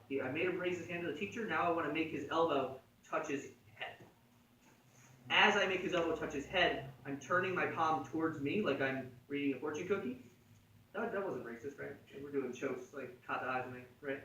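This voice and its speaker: A man's voice: a little high, fairly quick, fairly bright tone, slight background noise. A man teaching a jiu-jitsu choke to a class in a gym, talking casually and joking, checking in with "right?" as he explains. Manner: joking, conversational, frequent "right?" check-ins. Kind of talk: casual technique instruction. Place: martial arts gym. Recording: echoey room, mic at a distance.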